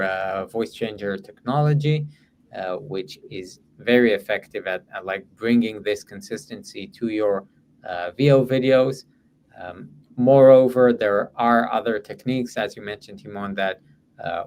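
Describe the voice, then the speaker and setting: A man with a fairly low voice answers an audience question in an online session. He hesitates, restarts and fills gaps with "um". A faint hum sits under the recording. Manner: hesitant, many fillers and restarts. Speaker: guest presenter.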